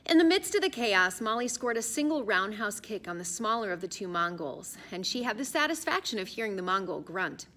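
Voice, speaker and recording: A woman narrating an adventure audiobook in an expressive, storytelling manner. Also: mid-range voice, fairly quick, hardly any pauses. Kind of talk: scripted narration.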